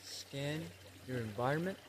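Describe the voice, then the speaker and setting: A man in a parody spiritual vlog monologue, talking in laid-back bro slang with swearing and a slow, dreamy delivery. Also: medium pitch, animated. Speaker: comedy creator. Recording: running water noise behind. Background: trickling, pouring water.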